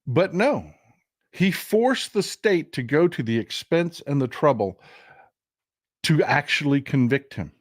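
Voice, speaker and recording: A man's voice: fairly high pitch, big pitch swings, a little slow, no room sound, clean studio sound. Emphatic man hosting political commentary. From Texas. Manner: emphatic, repeats and restarts words, addresses viewers as folks. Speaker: livestream host.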